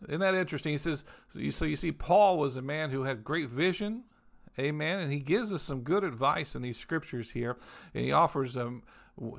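Male pastor, gravelly voice, mid pitch; sermon delivery, drawn-out scripture reading. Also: fairly bright tone. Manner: repeats "amen" and "praise the Lord" between sentences, reads scripture slowly.

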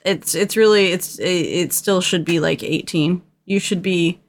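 A young woman co-hosting a casual movie podcast, animated and chatty, with lots of fillers and restarts. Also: on the low side, unhurried. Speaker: podcast co-host.

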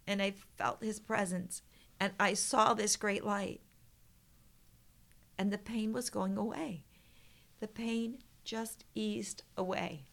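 A woman's voice: mid-range voice, steady tone, takes it slowly, gravelly, pauses often, a bit bright. Middle-aged woman guest on a podcast, earnest and emotional, telling a personal story. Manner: earnest, emotional retelling with quoted prayers.

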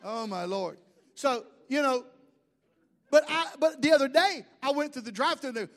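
A man's voice: very high voice, expressive, a little fast. A man, a pastor, preaching a sermon with jokes and asides to the congregation.

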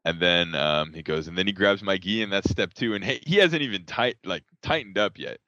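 A man co-hosting a podcast, telling a story in a laughing, animated way. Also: low voice, a little fast, no room sound. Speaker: podcast co-host. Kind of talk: casual storytelling chat. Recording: dull, dry lo-fi audio.

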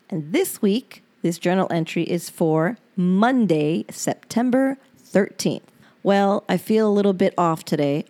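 Woman with a dark, mellow voice. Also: fairly low pitch. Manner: frank and emotional, with swearing. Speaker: podcast host reading her journal aloud. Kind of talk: reading personal diary entries aloud.

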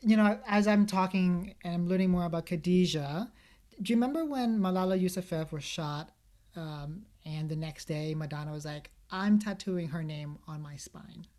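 A woman's voice: lowish voice, normal speed, a little mellow. A woman hosting an interview in casual conversation, making playful joking asides. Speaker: interview host.

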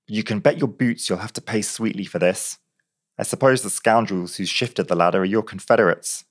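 A man voicing a gruff, blustering male policeman who growls and lectures in a pompous, bossy way. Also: fairly low pitch, brisk, lightly acted.

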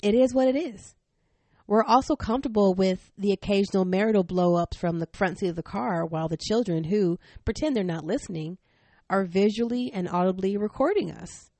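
A middle-aged woman hosting a parenting podcast, telling a family story in a frank, animated way, laughing often. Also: mid-range voice, brisk, no room sound. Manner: stern, frank. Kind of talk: personal storytelling.

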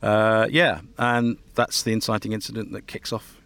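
A man's voice: lowish voice, monotone, fairly quick, vocal fry, fairly bright tone, clear, resonant tone, no echo. A man hosting a podcast as the publisher, chatting casually and laughing easily. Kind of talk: casual chat.

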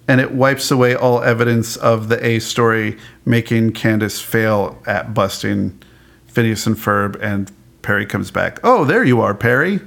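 A man chatting casually as a podcast co-host, animated, laughing often and restarting his sentences. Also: fairly low pitch, unhurried, creaky. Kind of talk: casual chat about a cartoon.

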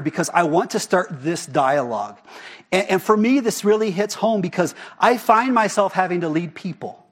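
A high-voiced man preaches a sermon, talking with his congregation in an energetic, conversational manner and asking many rhetorical questions.

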